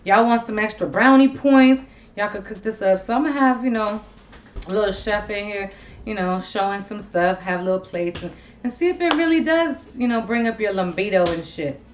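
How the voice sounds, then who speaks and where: A woman hosting a loose, casual talk show, telling stories in a blunt, animated, profane way. Her voice comes through a slightly dull, lo-fi recording with faint noise behind it. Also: medium pitch, normal speed. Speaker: host. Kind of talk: casual chat.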